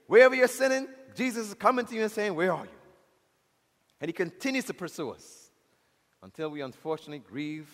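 A man preaches with a notably high voice, rising to loud declarations and then dropping low and hushed. He calls out directly to his congregation. His voice rings through a church with a long, lingering reverb. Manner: impassioned, rises loud then drops low and soft. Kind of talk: sermon.

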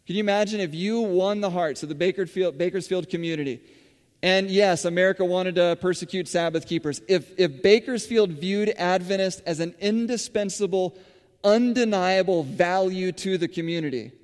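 A man with a somewhat high voice preaches in a relaxed, chatty way, with plenty of fillers and restarts as he tells his stories. The sound carries a long reverb from a church hall. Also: normal speed. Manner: conversational, with frequent fillers and restarts. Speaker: church speaker running a school farm. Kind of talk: sermon-style storytelling.

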